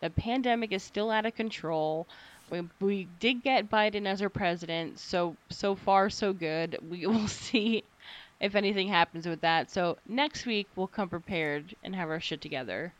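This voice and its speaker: A woman's voice: medium pitch, moderate pace. A young American woman co-hosting a podcast, chatting casually, rambling from story to story, laughing often and swearing now and then. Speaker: podcast co-host. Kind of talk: casual chat.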